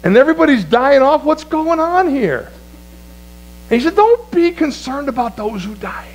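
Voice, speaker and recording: A man preaching a sermon as pastor, swinging from loud, high exclamations to low, quiet phrases. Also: big pitch swings, normal speed, poor audio.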